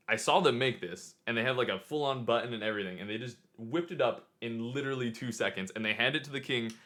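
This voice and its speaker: Man, young adult, bright voice, casual storytelling, excitable. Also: mid-range voice. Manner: excitable, animated retelling. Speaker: vlogger.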